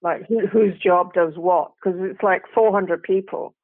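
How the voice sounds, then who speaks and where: Speaking at a measured pace with a steady tone, this actress has a lowish voice as she trades relaxed stories, laughs and British slang as an interview-show guest. The audio is thin and phone-like, totally dry, without any echo or room sound.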